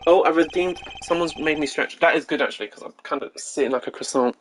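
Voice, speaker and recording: Male streamer, giggly, chatty, self-mocking, fairly high voice. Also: fast, hardly any pauses, a little hiss or hum, poor audio. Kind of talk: live-stream gameplay chat.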